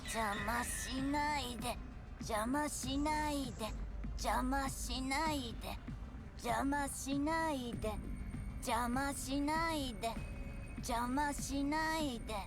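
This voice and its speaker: A woman voicing an eerie young schoolgirl game character who speaks in a quiet, flat, withdrawn way. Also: sits high, unhurried. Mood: cold. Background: game music.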